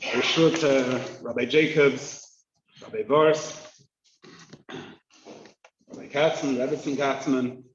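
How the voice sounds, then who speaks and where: A man's voice: medium pitch, steady tone, slow pace, long pauses, slight background noise. A man speaking as a rabbi at a communal gathering, giving a humorous, inspirational address and joking with the audience. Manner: jovial storyteller, joking with the audience. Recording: roomy, dull lo-fi hall recording.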